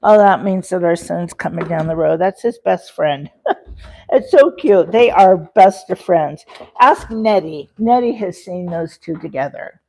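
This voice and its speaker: Woman doing a home cooking livestream, slow and gravelly, lots of um and you know, chatting to viewers. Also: lowish voice, lively intonation, warm tone, slight background noise, poor audio. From Rocky Mountains, USA. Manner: chatty, rambling, many fillers, talks to chat viewers. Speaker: livestream host. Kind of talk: casual cooking livestream chat. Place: home kitchen.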